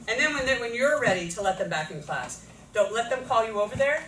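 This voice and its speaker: A woman's voice: a little high, lively intonation, fairly quick, a bit bright. A woman training teachers at a workshop, talking conversationally and acting out what students and teachers say. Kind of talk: workshop presentation. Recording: echoey room from far off, noisy.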